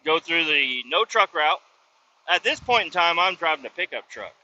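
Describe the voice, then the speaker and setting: Bright-voiced man telling a story in his truck. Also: on the high side, normal speed. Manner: profane, animated, acts out voices in retelling. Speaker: vlogger and truck driver. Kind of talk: casual storytelling. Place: inside a pickup truck with windows down. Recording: slightly dull lo-fi audio, faint road noise.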